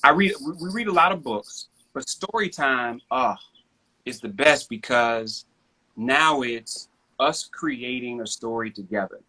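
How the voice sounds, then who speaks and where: A man's voice: medium pitch, unhurried. A man in his thirties chatting casually on a video call, telling family stories animatedly and acting out his children's voices. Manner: animated storytelling, acts out his kids' voices. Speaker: guest. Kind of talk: casual chat.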